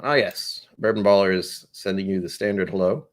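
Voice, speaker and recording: A man's voice: low-pitched, moderate pace. A young man hosting a casual whiskey livestream, chatting to viewers in a rambling, jokey way. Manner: rambling, jokey, talks to chat viewers by name. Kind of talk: casual live-stream chat reading comments.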